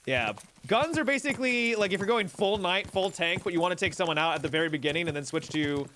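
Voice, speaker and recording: Male streamer, chatty game commentary, high lively voice, clear, game music in background. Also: fast, slight background noise. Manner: chatty, rambling, talks to chat. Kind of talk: live gameplay commentary.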